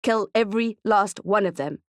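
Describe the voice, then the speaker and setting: A woman voicing Keke, a tough, frantic female friend who talks bluntly and swears, in a dark thriller audiobook. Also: mid-range voice, normal speed, no room sound, studio quality, lightly acted. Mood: urgent.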